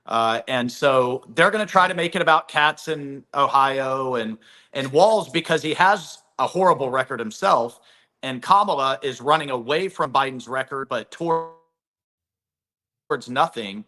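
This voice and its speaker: A man's voice: mid-range voice, a little slow, bright, forceful tone. A congressman being interviewed remotely, making blunt, emphatic points. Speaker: congressman guest.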